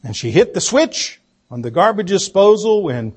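A man preaching a sermon, telling a story slowly and deliberately and acting out the quoted voices. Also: high-pitched, very animated, slightly rough. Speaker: pastor.

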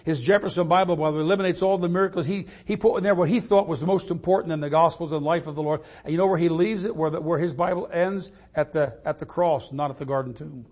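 An older man preaching from the pulpit in a notably high voice. He quotes scripture in old-fashioned wording and swings between forceful emphasis and quiet, low asides. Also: fast talker, hardly any pauses. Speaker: pastor. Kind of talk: sermon.

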